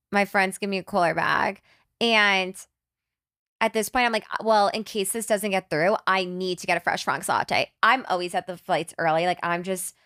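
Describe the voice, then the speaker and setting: A young woman from New Jersey hosts a podcast with casual chat, drifting through a long story with quick asides. Her voice is smooth and clear. The sound is close and dry, with no room echo. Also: lowish voice, fairly bright tone. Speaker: podcast host.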